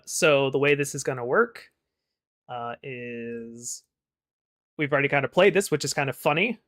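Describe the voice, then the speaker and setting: Running a tabletop game, a game master narrates in a relaxed manner with many fillers. He has a medium-pitched voice and takes his time.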